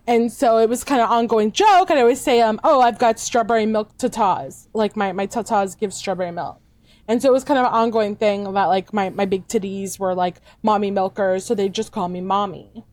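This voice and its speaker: A woman's voice: mid-range voice, fairly quick, a little mellow, no room sound. A woman guest, a VTuber, chatting casually and rambling with fillers and restarts. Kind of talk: casual chat.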